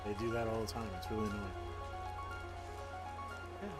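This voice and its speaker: A man's voice: lowish voice, little pitch movement, normal speed, over loud music. A man chatting casually on a gaming livestream, rambling, swearing and repeating himself. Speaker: gaming streamer.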